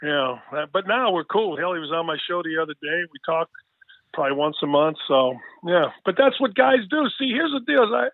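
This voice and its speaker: An older man tells rambling, joking stories in a casual interview, his voice sitting a little high. He comes through a thin, tinny phone line with a dry, close sound. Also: expressive, brisk, no echo. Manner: joking, rambling storyteller with frequent restarts. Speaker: sports broadcaster guest.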